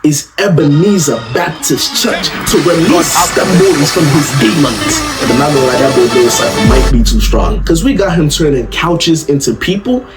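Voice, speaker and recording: A young man riffs through comedic commentary in a slangy, animated way. His pitch sits a little high and swings widely. Music plays clearly under his voice. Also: normal speed, hardly any pauses. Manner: animated, slangy, repeats "you know what I'm saying".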